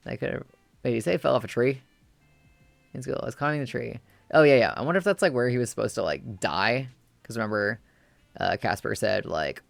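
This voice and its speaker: A streamer casually commenting while playing a story game, in a rambling, low-key way. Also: lively intonation, fairly quick, gravelly, pauses often, no room sound.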